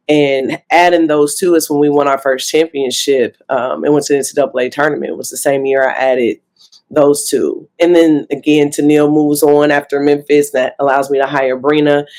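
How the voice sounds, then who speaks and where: Earnest woman coach answering interview questions. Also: low voice. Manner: earnest and reflective, warm laughs. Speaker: head basketball coach.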